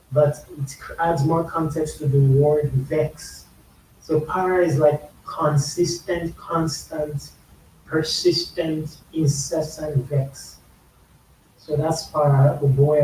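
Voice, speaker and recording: A YouTube music reaction host with a Nigerian accent and a fairly high but dark-toned voice casually explains a song's lyrics and slang, repeating phrases for emphasis. The recording is echoey, with the mic a bit far and a faint hiss.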